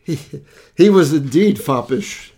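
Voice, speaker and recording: A man co-hosting a casual film review chat, knowledgeable and measured, with a slightly formal turn of phrase. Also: fairly high pitch, animated, darkish tone. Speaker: podcast co-host.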